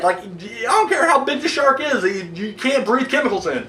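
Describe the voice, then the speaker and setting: A man ranting casually to camera, animated and profane and jokey, with quick acted-out asides. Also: very high-pitched, echoey room, distant mic, a little hiss or hum. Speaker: video blogger.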